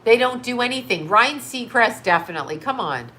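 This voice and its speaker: Woman, middle-aged, bright tense voice, blunt rambling livestream rant, faint hiss behind. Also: a little high, lively intonation, fairly quick. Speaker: livestream host reading chat. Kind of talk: casual ranting livestream chat.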